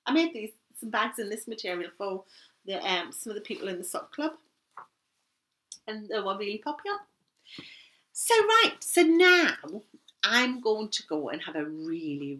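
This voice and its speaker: A woman's voice: medium pitch, expressive, fairly quick, a bit bright. A woman in her fifties with a Geordie accent, chatting casually and rambling to camera as a knitting vlogger, laughing easily.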